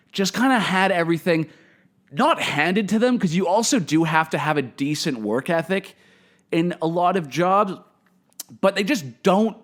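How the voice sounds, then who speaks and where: A young man telling profane, animated stories as a podcast host, swinging between loud outbursts and muttered asides. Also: fairly high pitch. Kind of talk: casual comedic storytelling.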